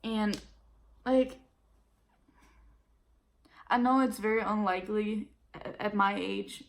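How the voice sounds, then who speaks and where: A woman's voice: medium pitch, takes it slowly, creaky. A woman in her twenties, a native Danish speaker, venting casually to camera, blunt and profane, tired and nauseous. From Denmark. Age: 20s. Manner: blunt and profane, quoting others in raised voices. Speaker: vlogger.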